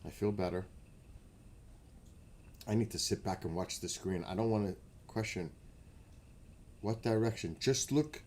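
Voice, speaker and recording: A man hosting a casual livestream, chatting with viewers by name and getting excited as he asks them questions. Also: fairly low pitch, a little hiss or hum. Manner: chatty, talks to chat by name, gets excited and laughs. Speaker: livestream host.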